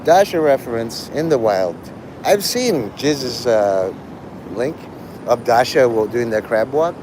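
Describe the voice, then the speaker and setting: A man's voice: medium pitch, expressive, slow, noisy background. A man streaming live and talking with his chat in a provocative, profane, rambling way. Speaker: livestreamer. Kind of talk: casual livestream chat with viewers.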